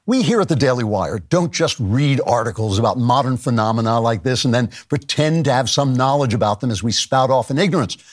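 An older man hosting a show, delivering scripted satire in a dry, mock-solemn deadpan. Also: mid-range voice. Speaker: satirical host.

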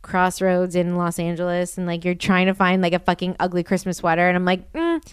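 A woman's voice: fairly low pitch, monotone, a little fast, clear, resonant tone, no echo, studio quality. Chatty young woman podcast host. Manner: chatty, filler-heavy with lots of "like". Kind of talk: casual podcast chat with ad read.

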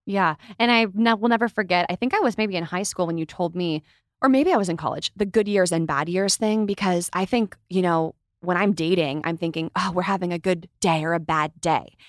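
A woman's voice: fairly low pitch, a little fast, dry recording. Young woman podcast host, dry close mic. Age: young adult. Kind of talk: casual interview chat.

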